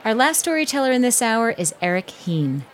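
A woman hosting a radio show, reading calm, measured introductions. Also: on the high side. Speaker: radio host. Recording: radio show with music and audience faint behind.

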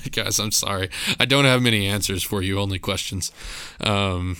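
A male podcast host reading passages aloud from a novel and musing on them, hesitant and apologetic, with many pauses. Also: lowish voice, bright, forceful tone, clear, resonant tone, no echo. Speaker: book club podcast host.

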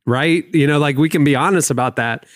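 A man's voice: on the high side, fairly quick, no room sound, clean studio sound. A man chatting enthusiastically on a podcast. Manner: animated, enthusiastic. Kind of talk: casual podcast chat.

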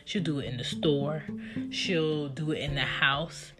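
A woman in her thirties casually telling stories about her children in an animated, chatty way. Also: deep voice, measured pace. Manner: animated, chatty, acts out her kids' lines. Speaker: mother telling family stories. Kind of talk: casual storytelling. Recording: guitar music playing behind the voice.

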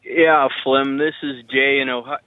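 A man doing a halting, nervous caller. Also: medium pitch, level tone, no echo, narrow, tinny audio, close to an everyday voice. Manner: halting, hesitant, many fillers. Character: nervous, mumbling male caller.

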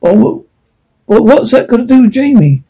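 A man's voice: very high-pitched, very animated, normal speed, vocal fry, warm tone, husky, voice pushed up, full character voice, poor audio. A man voicing an anxious young woman companion who asks worried questions.

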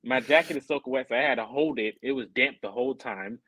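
A man co-hosting a podcast, telling a story in a casual, animated way and acting out other people's lines in a higher voice. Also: quick pace, dry recording, low-quality recording. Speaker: podcast co-host.

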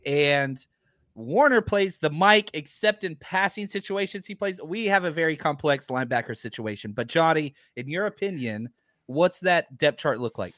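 Podcast host, man, higher voice, strained and worn, self-deprecating, close dry mic. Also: expressive, normal speed, a bit bright, no room sound. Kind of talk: casual panel chat.

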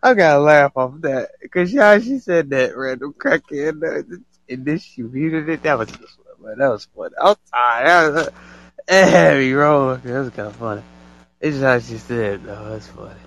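Gravelly, lively man hosting a live stream. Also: mid-range voice, moderate pace, lo-fi sound. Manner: laughs a lot, excitable, slangy. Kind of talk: casual live stream chat.

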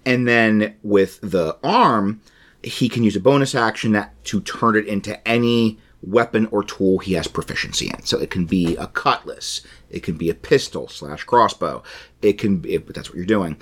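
A man's voice: on the low side, normal speed, fairly bright tone. A man co-hosting a podcast, explaining tabletop game rules in a playful, rambling, enthusiastic way. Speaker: podcast co-host. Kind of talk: casual chat about a tabletop game.

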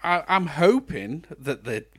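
A man's voice: on the high side, lively intonation, slow, breathy edge. A man co-hosting a podcast, chatting enthusiastically about films and TV, often restarting sentences. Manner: enthusiastic, rambling with restarts and laughs. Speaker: podcast co-host. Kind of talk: casual chat.

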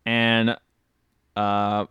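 A man's voice: fairly low pitch, monotone, very slow, pushed and bright. A man co-hosting a casual movie podcast, laughing often and acting out scenes in voices. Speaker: podcast co-host.

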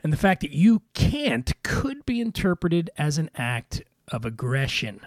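A man from Philadelphia hosting a podcast, a little weary, delivering a wry scripted comic monologue in a deadpan way. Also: a little high, measured pace, dry recording, clean studio sound. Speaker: podcast host.

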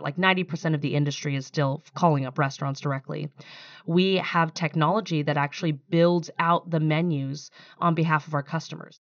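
A woman founder with a low voice tells her story candidly on a podcast, sometimes moved. The sound is dry and slightly dull, like a close, muffled mic with no room around it. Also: dry recording. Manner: candid, storytelling, emotional at times. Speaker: startup founder and CEO. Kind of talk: podcast interview.

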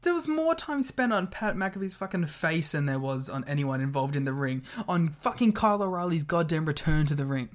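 A man's voice: a little high, big pitch swings, brisk, hardly any pauses. Joking, swearing podcast man. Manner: joking, laughs often, swears. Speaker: podcast co-host. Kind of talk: casual wrestling recap chat.

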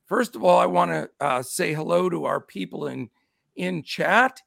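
A man's voice: high voice, lively intonation, moderate pace, vocal fry, no room sound, clean studio sound. A middle-aged man with a scratchy voice hosting a casual sports betting show, upbeat as he greets his chat. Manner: upbeat, shouts out chat names. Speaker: show host.

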